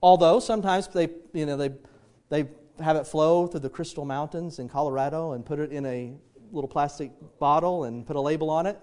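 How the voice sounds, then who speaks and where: A man's voice: fairly high pitch, darkish tone. A middle-aged man preaching a sermon, telling homely stories and acting out the voices in them. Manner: folksy storytelling, acts out quoted voices. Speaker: pastor.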